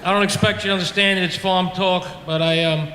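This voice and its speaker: A man's voice: high-pitched, steady tone, a little fast, sharp tone. A man with a New York accent doing a brash, profane, self-mocking stand-up comedy set on a brewery stage. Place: brewery stage before a live crowd. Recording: echoey hall with audience laughter.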